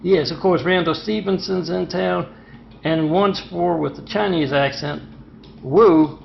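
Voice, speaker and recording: A man's voice: sits high, fairly even intonation, unhurried, gravelly, slight background noise. A man telling a rambling, meandering story that jumps between loose threads. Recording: echoey, dull lo-fi recording.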